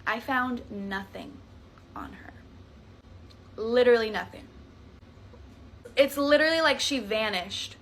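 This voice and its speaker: Bright, animated woman telling a scary story. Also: fairly high pitch, unhurried, pauses often. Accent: Southern US. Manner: animated, profane, dramatic asides. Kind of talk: casual storytime.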